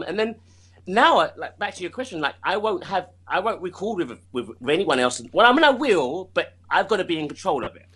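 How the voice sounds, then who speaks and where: A man with a fairly high, bright voice, chatting casually as the guest in an interview. He talks animatedly, with many restarts and repeated words. His tone is forceful and clear. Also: big pitch swings, brisk. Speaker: singer being interviewed.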